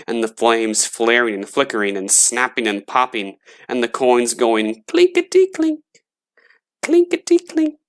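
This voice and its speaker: A man narrating a scary story in a slow, dramatic reading voice. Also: mid-range voice, level tone, fairly bright tone, clear, resonant tone.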